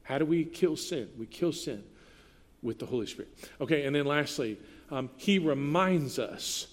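A man preaching a sermon as pastor, earnest and conversational, dropping softly for tender quoted lines. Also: a little high, lively intonation, moderate pace, big-room sound.

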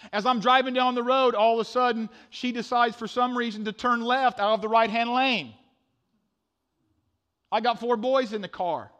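A middle-aged man preaching a sermon, telling a funny story with animated swings from loud to hushed. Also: high-pitched, dull audio. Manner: animated storytelling, sudden drops to a hush. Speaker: pastor.

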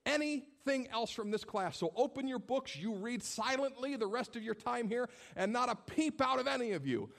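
A man voicing a furious female high school teacher who shouts and scolds her class in a shrill rant. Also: animated, moderate pace, gravelly, hardly any pauses, in a large hall, full character voice.

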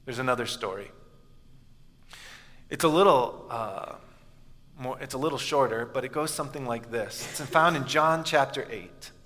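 A man preaching a sermon, telling a story and often dropping to a quiet, soft voice for emphasis. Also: mid-range voice, moderate pace, pauses often. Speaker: pastor. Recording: echoey hall with long reverb.

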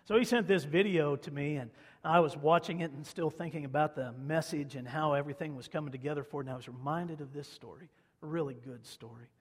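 Pastor guy from kansas telling a story in church, slightly higher voice, big reverb. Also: fast, slightly rough. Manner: conversational storytelling, repeats phrases for emphasis. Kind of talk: sermon.

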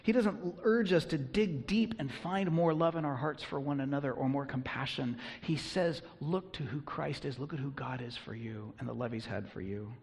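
A man's voice: mid-range voice, normal speed, creaky, few pauses, a little mellow, slightly rough, long reverb tail. A man preaching a sermon as pastor, earnest and emphatic, with rhetorical questions.

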